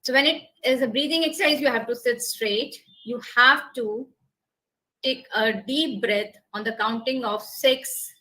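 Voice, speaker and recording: A woman's voice: a little high, unhurried, sharp tone, low-quality recording. Indian woman leading a public speaking webinar. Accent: Indian English. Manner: instructive, repetitive, leads breathing exercises. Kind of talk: online workshop talk.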